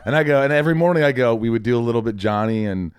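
A man's voice: medium pitch, very fast, smooth. A middle-aged man from Indiana, a guest telling anecdotes in casual chat and acting out the other people's voices. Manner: animated, acts out voices in anecdotes. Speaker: podcast guest, actor.

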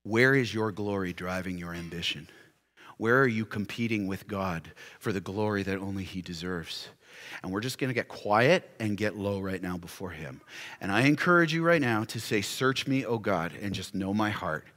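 A man's voice: fairly low pitch, lively intonation, moderate pace. A man preaching as a pastor, giving an impassioned altar call full of repeated rhetorical questions. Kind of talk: sermon. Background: soft music playing.

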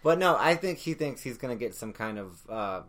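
A woman's voice: rumbling low, moderate pace, a crowd in the background. A woman co-hosting a podcast, quipping and swearing in a casual group chat. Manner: animated, swears, quips. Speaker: podcast co-host.

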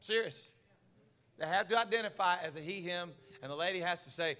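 A man preaching a sermon, folksy and stammering, swinging from quiet asides to fiery shouts. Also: sits high, a little fast.

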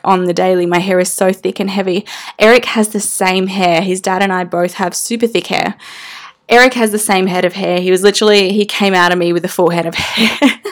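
A woman's voice: mid-range voice, fairly even intonation, normal speed. Earnest young mother telling her story. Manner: earnest and emotional, casual slang and fillers. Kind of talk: candid personal storytelling.

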